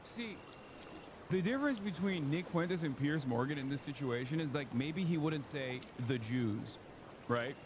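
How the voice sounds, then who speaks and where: A man's voice: a little high, a little slow, background noise. A man streaming, reacting to a clip with casual, profane political commentary. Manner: animated, profane, mocking quoted voices.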